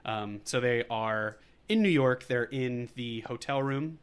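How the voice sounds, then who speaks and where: A man in easygoing podcast chat, talking through a film at a middling pitch. He rambles, stacks up fillers and keeps breaking into laughter. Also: measured pace, smooth. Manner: laughs often, loose and rambling with many fillers. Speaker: podcast co-host. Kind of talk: casual chat recapping a movie.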